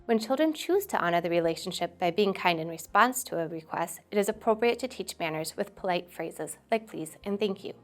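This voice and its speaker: A woman trainer giving scripted instructional narration in a steady, explanatory way. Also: on the low side, fairly quick, few pauses.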